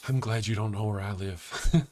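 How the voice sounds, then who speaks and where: A man's voice: on the low side, moderate pace, darkish tone. A man hosting a live morning show, chatting casually and reading out viewer comments in a rambling, jokey way that often breaks into laughter.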